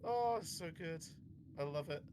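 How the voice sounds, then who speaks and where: A man's voice: fairly high pitch, expressive, moderate pace, very noisy. A man from the United Kingdom, co-hosting a podcast review in casual, swearing, laughing banter. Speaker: podcast co-host. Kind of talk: casual chat.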